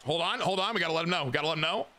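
A young man streams a baseball video game, delivering crude, excitable commentary at a very fast clip and breaking into high squeals.

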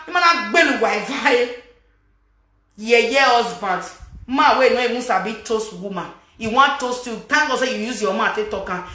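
A woman with a Nigerian Pidgin accent scolds and gossips on her vlog in a high, bright voice. She slips between Pidgin and a local language with animated energy. The sound carries the echo of a bare room. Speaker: gossip vlogger. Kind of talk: casual commentary on gossip.

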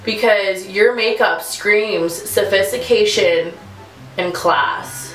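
A woman's voice: medium pitch, slow. Young woman rambling thru a makeup vid at home, giggly and nervous, roomy echo with faint music behind. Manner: giggly, self-mocking, nervous chatter. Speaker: beauty vlogger. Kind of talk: casual makeup tutorial chat.

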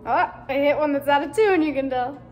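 A young woman from the United States chatting casually in a vlog, excitable and self-mocking, laughing often. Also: high voice, fairly quick, faint music behind. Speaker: vlogger.

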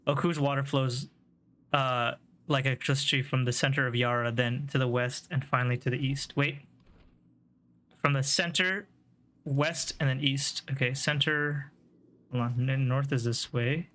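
A man with a medium-pitched, fairly bright voice provides casual live commentary while streaming a game, keeping a moderate pace and fairly even intonation. He jokes, curses, laughs a lot and teases his chat.

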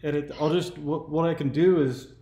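A man's voice: fairly high pitch, steady tone, normal speed, mellow. Easygoing man in his forties, roomy sound. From California. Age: 40s. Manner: easygoing, meandering talk. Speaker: YouTube host. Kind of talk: casual phone conversation.

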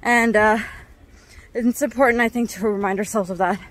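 A fairly high-voiced woman talks to her handheld camera as she climbs a mountain trail outdoors. She is worn out and short of breath, and keeps letting out nervous, breathy exclamations. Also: fairly even intonation, normal speed, no room sound. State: tired and out of breath. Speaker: vlogger. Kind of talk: casual vlog narration while hiking.

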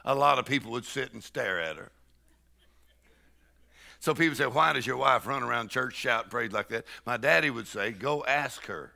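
Man, preacher, sermon, very gravelly, piercingly bright, folksy joking stories, laughing shouts to the crowd. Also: medium pitch, normal speed, pauses often. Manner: laughs and shouts "woo", leads the crowd in rejoicing; folksy storytelling with jokes. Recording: live church sermon.

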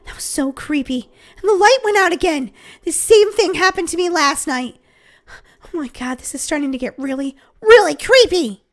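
A woman's voice: extremely high pitch, lively intonation, normal speed. A woman hosting a game roleplay, talking jittery and dramatic as her character. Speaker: host.

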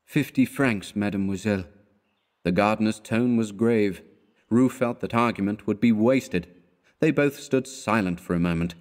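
A man narrating a classic story as an audiobook reader, measured and even, lifting his voice for the characters' lines. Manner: measured, lifts his pitch for quoted characters.

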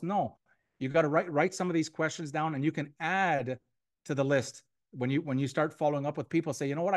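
A man giving a motivational sales training to a room of people, repeating key points and acting out sample phone calls. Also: fairly high pitch. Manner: energetic and repetitive, acts out sample phone calls. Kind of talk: motivational training talk to a live audience. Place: room with an audience.

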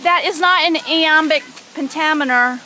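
A woman's voice: high voice, normal speed, bright, forceful tone, a little hiss or hum, low-quality recording. A mother filming her small son in an outdoor garden, coaxing and teasing him in a playful way. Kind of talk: casual home video chat. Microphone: handheld camera mic.

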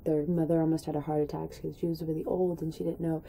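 A young woman telling a rambling story in a casual vlog, acting out what people said in a higher voice. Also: level tone, quick pace, vocal fry, dark tone, slight background noise, poor audio. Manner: chatty, rambling, acts out quotes in a high voice. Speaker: vlogger.

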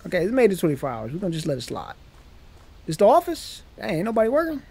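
A man's voice: a little high, sing-song, fast, gravelly, warm tone, husky. A man hosting a let's-play video, joking in slangy casual talk to his viewers and reading the game's text aloud as he plays. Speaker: gaming channel host.

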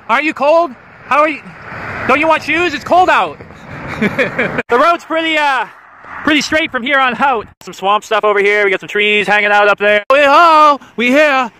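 A man's voice: very high voice, sharp tone, slight background noise. A man vlogging as he walks along a road outdoors, talking in a playful, rambling way full of jokey asides into a handheld camera. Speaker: vlogger walking across the country. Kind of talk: goofy walking vlog. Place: roadside outdoors.

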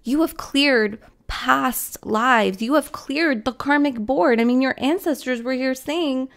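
A woman's voice: high-pitched, takes it slowly, vocal fry, fairly bright tone. A woman giving a spiritual tarot reading to camera, emotional and tearful, repeating her phrases and swearing casually. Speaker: tarot reader.

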